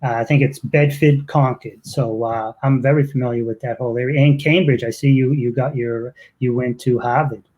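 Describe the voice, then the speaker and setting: A man with a Boston accent hosting a live online interview, chatting loosely with quick asides. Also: mid-range voice, steady tone, a little mellow, dull audio. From Boston, USA. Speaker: interview host.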